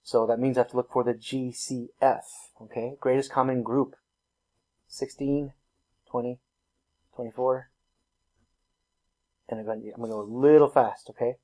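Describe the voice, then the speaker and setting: A man's voice: medium pitch, fairly even intonation, normal speed, pauses often, darkish tone. A man teaching a recorded math lesson, talking through each step in a casual, self-teasing way. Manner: casual, self-deprecating, laughs at himself; talks through work step by step.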